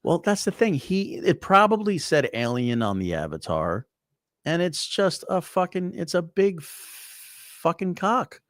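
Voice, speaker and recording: A man's voice: a little high, sing-song, unhurried, a bit bright, no room sound, clean studio sound. A man who is a guest on a live stream, joking around and often stammering on repeated words. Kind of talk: casual chat on a live stream.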